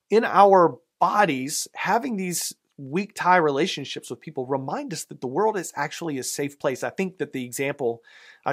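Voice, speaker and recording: A man's voice: a little high, fairly bright tone. Conversational Southern-accented male pastor. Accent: American Southern. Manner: conversational, with many fillers and tag questions. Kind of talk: sermon.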